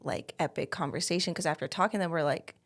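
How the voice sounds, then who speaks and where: Gravelly low-voiced woman telling a story. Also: fast talker. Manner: chatty storytelling with frequent "like" fillers. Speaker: realtor, guest. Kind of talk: casual interview talk.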